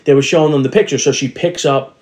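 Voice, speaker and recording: Speaking fast with a medium pitch and fairly even intonation, a middle-aged podcast co-host rambles through stories in a casual chat. His tone is a little mellow, and he performs the voices of people he's met when quoting them.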